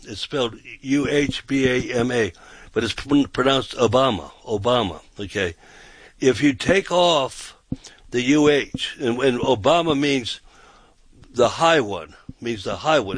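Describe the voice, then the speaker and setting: This is a man, a pastor, giving conversational Bible teaching on a talk show. He rambles, repeats himself and keeps checking in with his listener. His voice is mid-pitched and sounds dry, with no room echo. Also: fairly bright tone, breathy edge. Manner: rambling and repetitive, often checking with "okay?".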